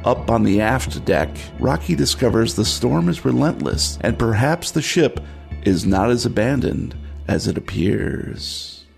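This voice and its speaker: A man's voice: medium pitch, lively intonation, measured pace, gravelly, faint music behind. A man narrating a horror tabletop game as game master, wry and theatrical.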